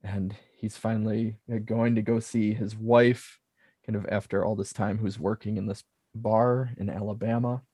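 A man's voice: lowish voice, level tone, moderate pace, dark tone, breathy edge, no room sound, clean studio sound. Amused man recapping a movie. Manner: laughs often, amused. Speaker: podcast co-host. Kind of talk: casual film discussion.

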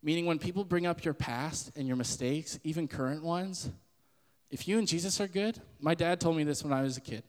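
A man's voice: fairly high pitch, brisk, in a large hall. A man in his twenties giving a casual spoken sermon as a podcast host, earnest and conversational. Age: 20s. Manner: earnest and conversational, with frequent laughs and fillers.

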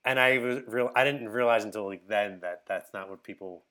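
Low-voiced Philly man, jokey storyteller in a casual chat. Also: sharp tone. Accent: Philadelphia. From Philadelphia. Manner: joking, quick storytelling.

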